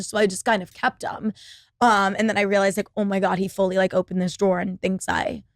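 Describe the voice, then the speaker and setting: A woman's voice: mid-range voice, dry recording, studio quality. A woman in her twenties hosting a solo podcast, rambling casually with constant fillers and swearing. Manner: rambling, profane, lots of "like" fillers. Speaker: podcast host. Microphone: laptop setup.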